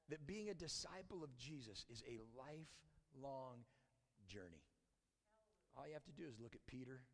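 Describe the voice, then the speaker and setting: A man preaching a conversational sermon as a church pastor, often dropping to a hushed, intense tone. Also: mid-range voice, big-room sound. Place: church sanctuary.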